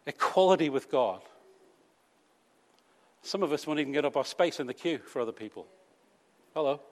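A man's voice: fairly high pitch, animated, moderate pace, long pauses. A British man preaching a sermon to his congregation in a conversational, teasing way, full of rhetorical questions. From Britain. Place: church hall. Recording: long reverb of a church hall.

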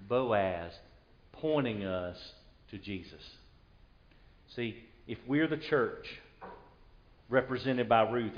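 Man preaching a conversational sermon, lo-fi. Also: mid-range voice. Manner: conversational preaching, paraphrases scripture in a casual voice. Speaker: pastor.

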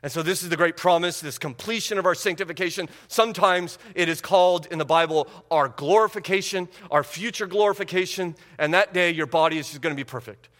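A man's voice: high-pitched, a little fast, hardly any pauses, a bit bright, long reverb tail. A man preaching a sermon as pastor, emphatic and building, repeating phrases for emphasis. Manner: emphatic preaching with rising intensity.

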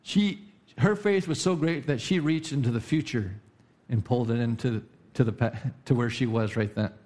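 A male pastor preaching a sermon, repeating key lines with sudden rises and drops in pitch. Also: normal speed, a little mellow. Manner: preaching with emphatic repetition and sudden pitch swings.

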